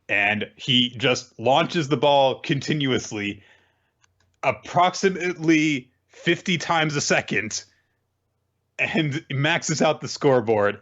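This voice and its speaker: Man, casual podcast host, lively storyteller with a lot of pitch movement; slightly muffled mic. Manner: animated storytelling, acts out characters. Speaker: podcast host recapping manga. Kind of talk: casual chat.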